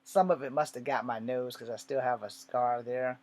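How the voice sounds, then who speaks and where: A man's voice: medium pitch, fairly even intonation, normal speed, a little mellow. A man telling a personal story in a casual, rambling way, swearing often and drifting into asides. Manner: rambling and profane, with many asides.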